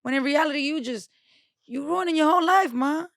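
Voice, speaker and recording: A woman's voice: high-pitched, fairly quick, vocal fry, dry recording, clean studio sound. A young woman with a New York accent, a podcast guest talking bluntly and profanely in casual chat. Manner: blunt, profane, animated storytelling.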